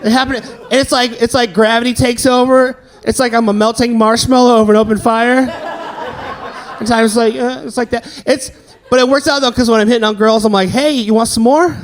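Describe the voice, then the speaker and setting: A man's voice: very high-pitched, flat delivery, fairly quick. A man in his thirties from the American South doing a self-deprecating stand-up set, chatting with the crowd between jokes. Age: 30s. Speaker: stand-up comedian. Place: comedy venue with live audience. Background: audience laughter.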